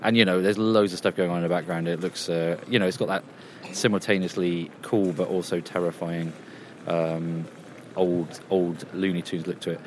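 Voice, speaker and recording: He speaks at a moderate pace in a deep, steady voice, casually reporting from a games convention while rambling and chatting with lots of fillers. The recording was made outdoors in a quieter area and has slight background noise.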